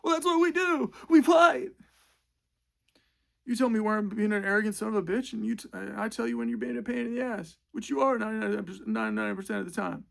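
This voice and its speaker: A man's voice: high voice, fast, vocal fry, voice pushed up. A man doing a whiny, pleading young lover. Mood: exasperated. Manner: whiny, exasperated, loud pleading.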